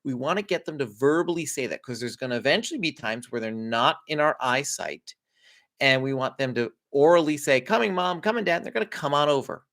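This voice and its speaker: A man giving a conversational parenting lesson, explaining steps in a relaxed, chatty way with frequent small laughs. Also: mid-range voice, fairly quick. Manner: lively, conversational, laughs often. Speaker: parenting coach. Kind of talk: instructional talk to parents.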